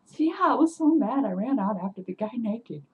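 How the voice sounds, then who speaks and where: A woman telling an animated story to her webcam at home, getting loud and worked up as she goes. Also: a little high, a little fast, husky, narrow, tinny audio. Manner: animated, swings into loud agitated retelling. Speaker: vlogger.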